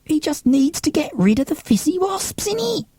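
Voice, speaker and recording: Cheeky child in a storybook, high and bouncy, read by a man. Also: sing-song, normal speed, mellow, no echo. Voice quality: slangy, saucy.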